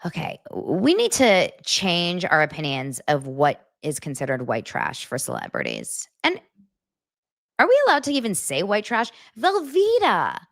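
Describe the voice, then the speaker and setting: A woman in her thirties hosting a casual livestream, chatty and animated as she reacts to chat comments. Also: low-pitched, moderate pace, creaky, no echo, clean studio sound. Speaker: livestream host.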